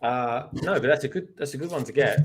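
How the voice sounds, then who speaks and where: A man, a guest on a casual livestream, telling loose rambling anecdotes in a relaxed way. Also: mid-range voice, fast, slight background noise.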